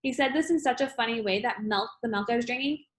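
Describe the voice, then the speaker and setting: A woman reads a novel aloud in a plain, steady way. Her voice sits a little high, and now and then she stumbles and restarts a phrase. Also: quick pace. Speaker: audiobook reader.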